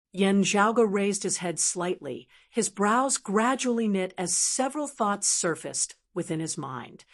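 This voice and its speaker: Woman reading a fantasy audiobook, even and steady, middle pitch. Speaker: audiobook narrator. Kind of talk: scripted narration.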